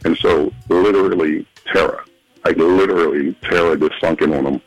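Man, very low voice, husky, dry sound, calling in, lively storyteller. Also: normal speed, no room sound, faint music behind, poor audio. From Philadelphia. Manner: animated, acts out quotes in a high voice. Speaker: phone-in guest. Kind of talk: casual storytelling on radio. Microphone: phone call.

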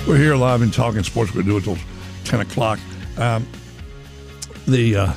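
A man's voice: mid-range voice, takes it slowly, vocal fry, pauses often, darkish tone, soft background music. Rambling folksy radio sports host, man. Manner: rambling, folksy, full of fillers and asides. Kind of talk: casual sports talk radio. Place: radio studio. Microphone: studio microphone.

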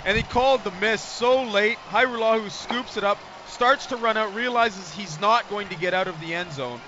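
A man giving colour commentary on a football radio broadcast, excitable and quick to exclaim. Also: high-pitched, lo-fi sound, a little hiss or hum. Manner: excitable, keeps exclaiming over the play.

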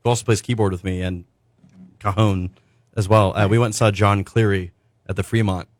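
A man's voice: lowish voice, fairly even intonation, a little fast, no room sound. A young man, a musician guest, chatting casually and rambling with laughs in an interview.

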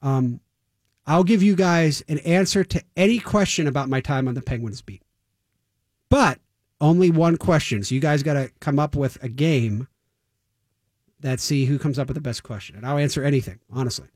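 A man co-hosting a sports radio show, teasing his colleagues with confident, deadpan provocations. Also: fairly high pitch, moderate pace, no room sound, clean studio sound.

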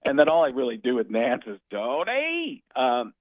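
A man being interviewed as a comedian guest, talking in an animated, jokey way that slides into impressions. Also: medium pitch, quick pace, dry recording, dull audio. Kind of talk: casual radio interview.

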